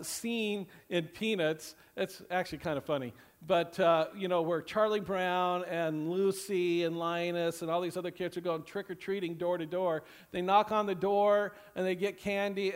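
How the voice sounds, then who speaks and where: A male pastor preaching a sermon to several campuses, rambling with lots of "you know" and slowing down for scripture. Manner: rambling, repeats phrases, many "you know" fillers; slows and drops low for scripture readings.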